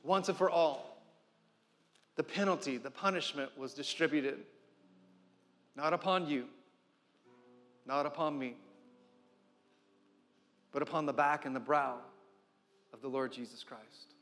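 A man preaching a sermon, impassioned, swinging between loud and hushed, often repeating and restarting words. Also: fairly high pitch, unhurried, pauses often. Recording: long hall reverb with faint music.

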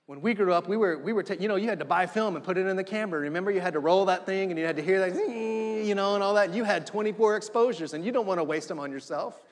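A man's voice: high voice, rapid-fire, hardly any pauses. A middle-aged man preaching a sermon as pastor, driving points home with repetition and rising emphasis. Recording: long hall reverb.

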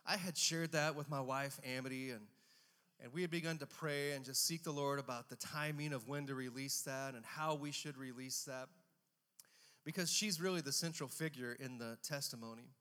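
A man pastor addresses his church family with fervent earnestness, stumbling now and then over his words. His voice is bright and forceful. It rings out with the long reverb of a large sanctuary. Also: medium pitch. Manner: earnest, fervent, halting restarts. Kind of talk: sermon introduction.

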